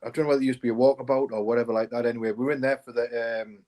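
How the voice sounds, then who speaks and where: Scouse bloke, rapid excitable rambling story. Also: male voice, mid-range voice. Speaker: podcast co-host. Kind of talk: casual storytelling.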